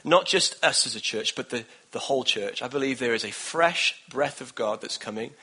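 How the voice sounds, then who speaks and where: A man's voice: medium pitch, animated, moderate pace, sharp tone, slightly rough. A man in his thirties preaching a sermon in an earnest, encouraging way, with repeated phrases. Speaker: pastor.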